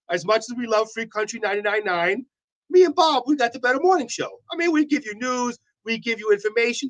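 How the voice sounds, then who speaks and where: A man's voice: high-pitched, fairly bright tone, poor audio. A man co-hosting a local morning show, joking and playfully defending himself in studio banter. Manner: playful, mock-defensive teasing.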